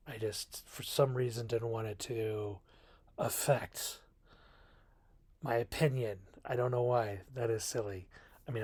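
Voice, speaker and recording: A man's voice: mid-range voice, a little mellow, slightly rough, no room sound. Rambling, self-mocking man reviewing a film. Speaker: video reviewer. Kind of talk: casual film review monologue. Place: bedroom.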